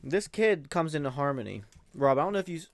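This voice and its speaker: A man's voice: on the high side, big pitch swings, fast. A young man co-hosting a podcast in casual chat, rambling through jokey stories and laughing at his own bits. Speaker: podcast co-host.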